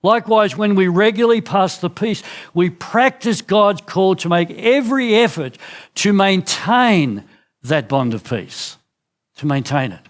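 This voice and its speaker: A man's voice: lively intonation, unhurried. A middle-aged man with an Australian accent preaching a sermon in church, earnest, often restarting his phrases. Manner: earnest, with frequent restarts and drops in pitch. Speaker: pastor.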